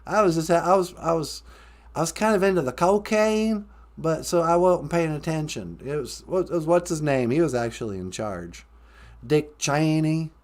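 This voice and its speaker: A man's voice: on the high side, moderate pace, voice pushed down, natural voice. A man doing a comedy impression of a rambling, stammering ex-president cowboy with a drawl. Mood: folksy. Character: folksy boastful ex-president cowboy, male.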